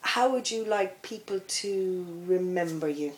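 A woman's voice: mid-range voice, lively intonation, measured pace, darkish tone. A woman interviewer asking casual questions in a chatty, rambling way, often restarting her sentences.

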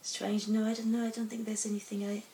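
A woman's voice: medium pitch, level tone, fast talker, mellow, distant mic. Hesitant woman in an echoey room. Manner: hesitant, searching for words. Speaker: singer-songwriter guest. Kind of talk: casual interview answers.

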